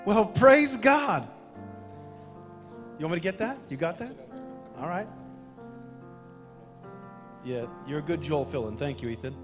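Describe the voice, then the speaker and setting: Pastor guy starting his sermon, kinda high voice, jokes about himself, echoey church w music. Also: measured pace, pauses often. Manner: relaxed, self-deprecating humor. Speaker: youth pastor. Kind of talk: opening a sermon. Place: church sanctuary. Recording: reverberant church hall with faint music.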